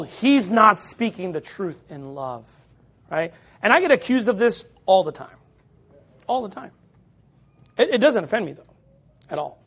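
A man with a very high speaking voice delivers a sermon. He preaches forcefully, raising his voice, and mimics his critics with mocking tones. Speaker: pastor.

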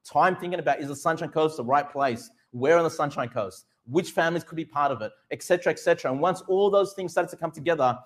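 A middle-aged pastor preaching a sermon. He is emphatic, asks the congregation questions and answers them himself, and slows right down to stress Bible verses. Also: fairly high pitch. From Australia.

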